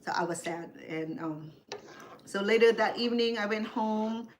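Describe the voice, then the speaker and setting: A woman's voice: mid-range voice, moderate pace, slight background noise. Older woman telling stories while cooking. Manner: chatty, rambling, acts out family members' voices. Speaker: cooking show host.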